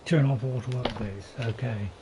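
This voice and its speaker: A medium-pitched man talks at a normal speed while streaming a game, rambling through casual commentary and restarting sentences in a relaxed, easygoing way. Crickets and insects chirp constantly in the background.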